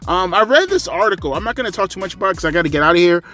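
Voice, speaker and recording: A man's voice: high voice, lively intonation, racing, pushed and bright, soft background music. A man giving a blunt, rambling spoken review, a bit tired and short of breath. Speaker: wrestling commentary vlogger.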